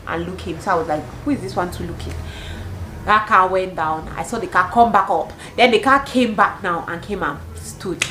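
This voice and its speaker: A young woman from Cameroon in her twenties, telling a storytime vlog with animated storytelling and bursts of laughter. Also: fairly low pitch, moderate pace, few pauses, a little hiss or hum, rough recording. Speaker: vlogger.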